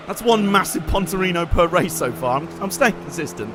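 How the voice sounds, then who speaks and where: A man giving joking, excitable live commentary while playing a racing game and chatting to his viewers. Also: high-pitched, brisk, hardly any pauses. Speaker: streamer. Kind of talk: live let's-play commentary. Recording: game car noise underneath.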